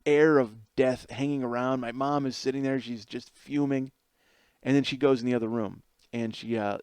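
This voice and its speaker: A middle-aged man hosting a podcast, telling a comedic story in an animated way, swearing freely and laughing through the punchlines. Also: mid-range voice, no echo. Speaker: podcast host.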